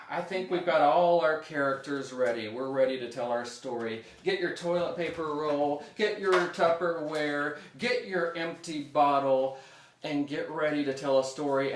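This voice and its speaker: A young man teaching a music lesson for children, upbeat and leading the kids in call-and-response. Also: fairly high pitch. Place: room at home. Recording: echoey room.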